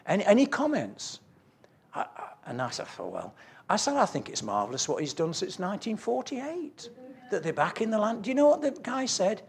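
A man's voice: sits high, big pitch swings, normal speed, vocal fry, breathy edge. A man preaching a sermon, earnestly telling stories with quoted dialogue and reading scripture aloud.

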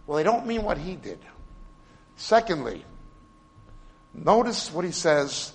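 A male preacher with a voice a little higher than most men. He teaches emphatically in a sermon, pressing hard on key words and then dropping into quiet asides. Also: sing-song, a little slow, pauses often, big-room sound. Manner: emphatic, explains Hebrew and Greek words; swings between loud stresses and quiet asides.

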